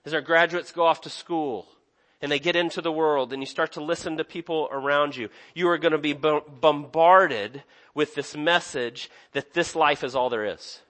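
A man's voice: on the high side, normal speed, a bit bright. A young man preaching a sermon in an earnest, conversational way, often restarting his sentences. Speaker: pastor.

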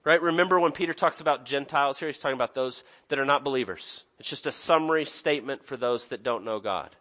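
A man's voice: mid-range voice, fast, pushed and bright. A young man preaching a sermon in an earnest, conversational way, often restarting his sentences. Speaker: pastor.

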